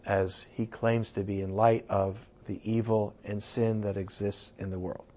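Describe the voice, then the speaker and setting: A man preaching a sermon and teaching from scripture, emphatic, with sudden loud raised passages. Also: on the low side, flat delivery, unhurried. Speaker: pastor.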